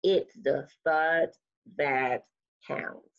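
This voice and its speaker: A woman voicing a kind, gentle male panda who speaks slowly and reassuringly, in a dull lo-fi recording. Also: deep voice, voice pushed down, exaggerated voice. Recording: slightly dull lo-fi sound.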